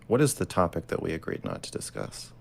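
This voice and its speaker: Deep-voiced insistent man grilling. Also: wildly swooping pitch, a little fast, vocal fry, darkish tone. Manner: insistent, interrogating, repeats questions and raises his voice. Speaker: debater. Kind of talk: online debate.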